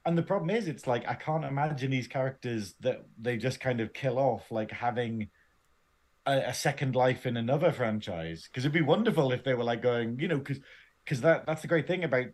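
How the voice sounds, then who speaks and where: A man's voice: medium pitch, darkish tone. Rambling, chatty man on a podcast. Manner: rambling, chatty, quick to laugh, swears freely. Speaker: podcast co-host. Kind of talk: casual chat.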